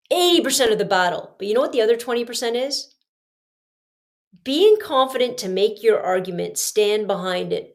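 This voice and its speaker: A woman hosting a podcast, telling a personal story in an emphatic, lively way, swinging between punchy loud lines and hushed asides. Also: medium pitch. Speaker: podcast host.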